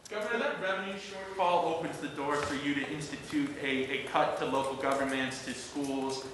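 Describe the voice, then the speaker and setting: A male reporter puts measured, formal questions to officials. He sounds very echoey, as if recorded from across a reverberant room, with clear background noise. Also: fairly high pitch. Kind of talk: press question.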